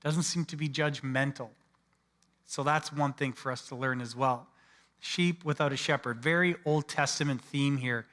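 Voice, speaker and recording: A man's voice: medium pitch, moderate pace. A man, a pastor preaching a sermon in a casual, conversational way and acting out people's lines. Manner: conversational, acts out people's lines in lively asides. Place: church sanctuary. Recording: long church hall reverb.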